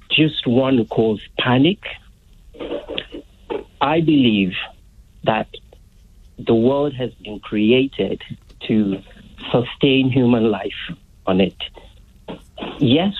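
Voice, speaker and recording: A man's voice: mid-range voice, husky. A man calling a radio phone-in, ranting indignantly about protesters and climate talk. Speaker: caller. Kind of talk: phone-in call. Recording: tinny phone line.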